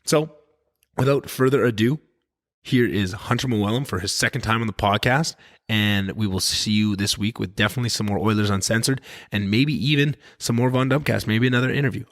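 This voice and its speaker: A man hosting a podcast, talking in a loose, rambling, animated way and swearing freely. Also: lowish voice, fairly quick, dry recording, clean studio sound. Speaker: podcast host. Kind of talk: casual podcast chat.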